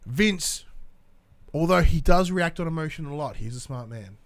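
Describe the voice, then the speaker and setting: A man co-hosting a podcast, recapping wrestling in casual, animated chat, cursing and acting out scenes. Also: on the high side, moderate pace. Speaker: podcast co-host.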